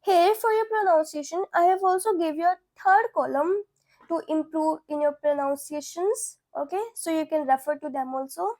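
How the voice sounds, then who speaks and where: Young woman teacher, patient, says each word over and over, pretty high voice. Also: moderate pace, a little mellow. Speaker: French teacher. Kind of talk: beginner language lesson.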